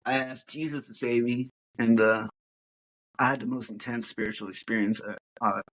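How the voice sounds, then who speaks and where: A man's voice: medium pitch, fairly even intonation, normal speed, a bit bright, low-quality recording. A man, a podcast guest, tells his personal story in a casual, rambling way, full of fillers and calling the host dude. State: emotional.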